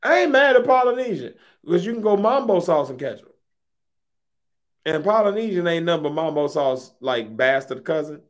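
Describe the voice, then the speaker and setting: Loud, animated podcast co-host man. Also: on the high side, normal speed. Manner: loud, profane, jokey, exaggerating. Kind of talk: loud casual banter.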